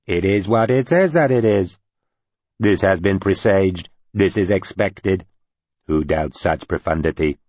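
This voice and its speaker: A man's voice: sits low, measured pace, darkish tone, dry recording, highs cut off. A man voicing a scornful alien zealot. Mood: insistent. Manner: insistent, oddly phrased.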